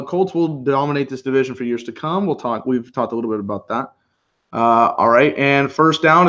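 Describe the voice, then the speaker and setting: A man's voice: mid-range voice, muffled recording. A man co-hosting a live football reaction stream, chatting casually and calling plays as they happen. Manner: relaxed, laughs often, calls plays as they happen. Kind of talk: casual live play-by-play chat.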